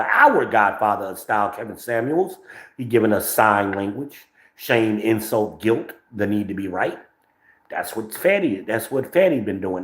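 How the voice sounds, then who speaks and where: A man from New Jersey, accent and all, runs his podcast as a profane livestream, talking in a brash, rambling way. His pitch is fairly low, and the phone he records on, with no microphone, leaves an echoey room sound.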